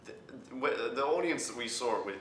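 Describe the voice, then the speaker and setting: A man's voice: animated, brisk, fairly bright tone. A man reviewing a film in casual chat, talking in a hesitant way full of fillers. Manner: hesitant, filler-heavy summarizing. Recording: roomy room with faint rumble.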